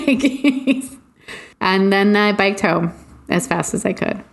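Gravelly-voiced woman telling a rambling story. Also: mid-range voice, measured pace. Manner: rambling, laughs often. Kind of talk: casual chat, storytelling.

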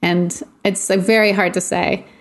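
A woman's voice: mid-range voice, level tone, normal speed. A woman co-hosting a casual chat, telling a rambling story and laughing often.

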